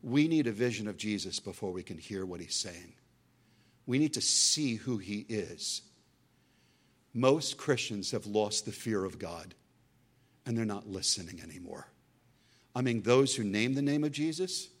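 A man preaching a sermon as a guest speaker, impassioned, swinging between loud emphatic lines and hushed, intense ones, and slowing into dramatic readings of scripture. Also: lowish voice, lively intonation. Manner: quotes scripture in a slowed, dramatic read.

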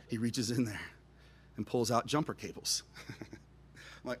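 A man telling a funny personal anecdote, expressive, dropping into hushed asides and rising to near-shouts, chuckling as he goes. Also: medium pitch, unhurried, pauses often, a little hiss or hum. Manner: chuckles through his own story. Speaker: storyteller.

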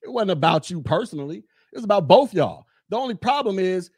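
A man doing a casual commentary podcast from his desk at home, blunt and mocking with loud bursts. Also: high-pitched, very animated, fairly quick, husky, no room sound, clean studio sound.

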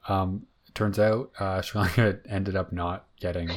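A man's voice: low voice, level tone, unhurried. A man co-hosting a podcast in casual chat, talking loosely with lots of fillers and frequent laughs. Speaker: podcast co-host.

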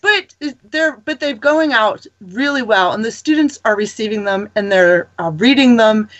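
Animated woman telling stories, lo-fi sound. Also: fairly high pitch, normal speed, no echo. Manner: animated storytelling, laughing often. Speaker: campus ministry guest. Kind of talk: casual chat.

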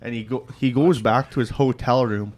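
A man's voice: medium pitch, steady tone, normal speed, darkish tone. A young man co-hosting a podcast who tells a work story in a laid-back, swearing way and often laughs while talking. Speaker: podcast co-host. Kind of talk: casual chat, storytelling.

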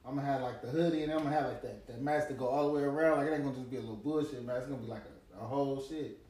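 A man's voice: mid-range voice, rapid-fire, mellow, distant mic. A man co-hosting a podcast, joking playfully and laughing in casual banter. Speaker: podcast co-host. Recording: echoey room with crowd noise, off-mic.

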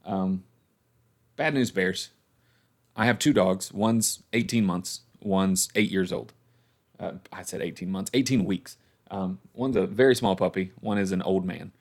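A male podcast host chatting casually from home, quick to laugh and fond of playful apologetic asides. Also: low-pitched. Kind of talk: casual chat.

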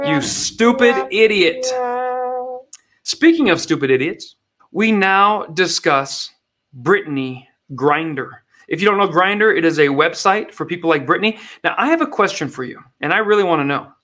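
A man's voice: fairly high pitch, measured pace, a bit bright. A man hosting satirical political commentary in a mocking, sarcastic way. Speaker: comedy host.

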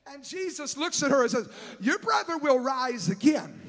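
A man preaching as a guest evangelist at a church service, fervent and often shouting to the congregation. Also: very high-pitched, sing-song, normal speed, crowd noise. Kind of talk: sermon.

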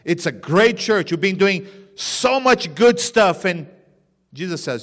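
A man preaching a sermon, swinging between loud emphatic bursts and hushed, low lines. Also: lively intonation, takes it slowly. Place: church sanctuary. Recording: long reverb of a church hall.

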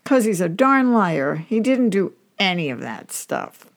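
A woman's voice: mid-range voice, sing-song, measured pace. A woman doing a blunt old man. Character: gruff old man selling his dog.

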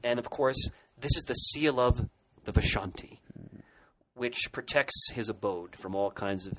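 A man's voice: medium pitch, a little slow, noisy background. A man co-hosting a podcast, retelling comic book history in an enthusiastic, rambling way with many restarts. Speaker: podcast co-host. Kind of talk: casual podcast discussion.

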